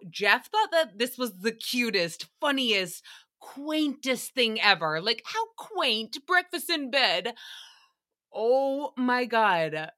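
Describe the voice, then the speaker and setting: A young woman with a bright, forceful voice sitting a bit above the usual female range, chatting through a solo podcast recap. She talks in a sassy, irreverent way, swearing freely and acting out little quoted exchanges. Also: fairly high pitch. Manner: sassy, profane, quick asides and acted-out quotes. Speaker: podcast host. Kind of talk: casual solo recap commentary.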